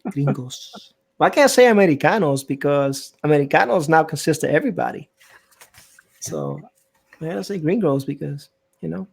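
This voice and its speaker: Brief: male live-stream host, slightly high voice, playful, reads viewer comments. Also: big pitch swings, normal speed, gravelly, slightly rough. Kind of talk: casual live-stream chat.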